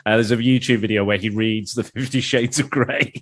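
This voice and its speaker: A man co-hosts a casual podcast chat, talking in a chatty, hesitant way. His voice sits on the low side. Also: steady tone, a little fast, a bit bright. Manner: chatty, hesitant with fillers and restarts. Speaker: podcast co-host.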